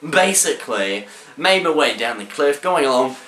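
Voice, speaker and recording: A man tells a comic personal story, throwing in sound effects and shouted voices. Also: medium pitch, animated, normal speed. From Australia. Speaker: storyteller vlogger. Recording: roomy echo.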